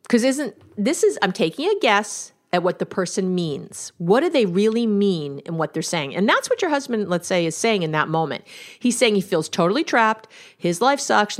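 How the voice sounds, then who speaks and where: A woman therapist hosting a podcast, explaining relationship tools in a casual, conversational way and acting out sample exchanges. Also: fairly low pitch. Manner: conversational, acts out quoted exchanges, laughs now and then. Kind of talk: instructional podcast monologue.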